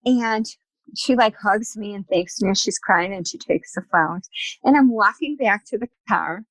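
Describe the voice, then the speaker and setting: A woman guest on a podcast interview, telling personal stories in a lively, chatty way and acting out the dialogue. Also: mid-range voice, normal speed, no room sound, rough recording. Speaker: guest, spiritual medium. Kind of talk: casual storytelling in an interview.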